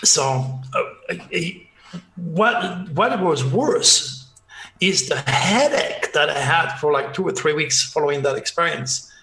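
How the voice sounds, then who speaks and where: A man's voice: a little high, expressive, takes it slowly, creaky, sharp tone, echoey room, poor audio. A man from France, telling a dramatic story as a podcast guest and acting out the dialogue. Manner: dramatic, acts out dialogue, restarts often. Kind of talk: animated storytelling.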